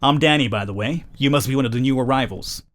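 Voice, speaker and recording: A man's voice: mid-range voice, quick pace, a bit bright, close to an everyday voice. A man reading a friendly, chatty hostel guy. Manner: kind, chatty, reassuring.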